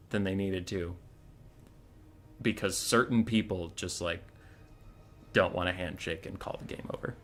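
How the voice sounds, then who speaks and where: A man's voice: lowish voice, fairly bright tone. A man hosting a casual livestream who talks in a profane, rambling way and retells stories with animation. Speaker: streamer and tournament host.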